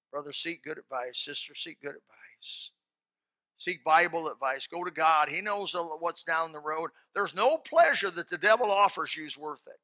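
A male preacher delivers a sermon that ends in a prayer, speaking in a folksy, animated way with plain colloquial language and sudden loud shouts. His fairly high voice is very bright and cutting, recorded close and completely dry with no echo, at a moderate pace.

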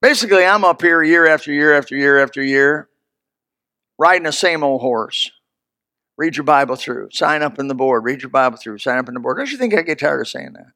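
An older man preaching a folksy sermon, swinging from loud, high exclamations to low, hushed lines. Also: expressive, a little fast. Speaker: pastor.

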